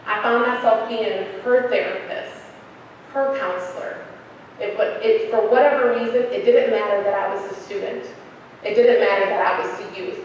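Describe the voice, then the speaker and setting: A woman's voice: medium pitch, normal speed, dull audio. A young adult woman telling a personal story to an audience, acting out the voices of the people in it. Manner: animated, acts out quoted voices. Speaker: speaker. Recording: echoey hall, distant mic, faint noise.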